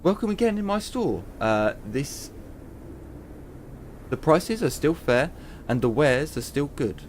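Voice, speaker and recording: A man's voice: a little high, big pitch swings, slow, pauses often, a little hiss or hum, voice pushed up. A man voicing a confident male weapons trader in a game, with a salesman's patter. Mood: salesy.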